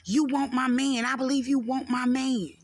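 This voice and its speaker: A woman's voice: high voice, fairly even intonation, normal speed, pitched above the performer's own voice. A woman voicing her angry, jealous mother, who insistently accuses her young daughter. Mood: accusing.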